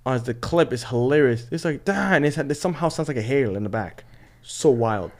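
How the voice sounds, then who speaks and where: A man's voice: mid-range voice, fairly quick. A young man in his twenties, a podcast guest chatting casually and acting out relatives' voices as he tells stories. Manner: animated storyteller, mimics relatives' voices.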